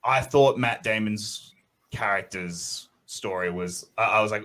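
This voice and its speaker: A man in a casual panel discussion, enthusiastic and halting, restarting his sentences. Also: on the low side, sharp tone.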